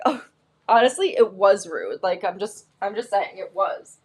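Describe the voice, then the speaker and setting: A woman in her thirties hosting a live shopping stream, telling stories in a casual, animated way with lots of fillers. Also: on the high side, breathy edge. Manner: animated storyteller, acts out quotes, lots of "like" and "um". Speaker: host of a live shopping show.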